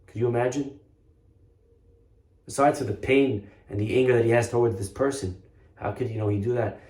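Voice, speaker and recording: A man's voice: mid-range voice, steady tone, a little fast, darkish tone. A man, a rabbi, giving a storytelling sermon in an earnest way, stressing points by repeating himself. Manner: earnest storytelling with emphatic repetition. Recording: roomy echo.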